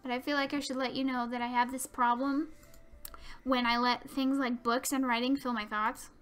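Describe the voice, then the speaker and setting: Yuri, a woman voicing a shy high bookish girl. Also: level tone, normal speed, clear, resonant tone. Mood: timid. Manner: soft, hesitant, trailing off. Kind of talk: reading a visual novel aloud.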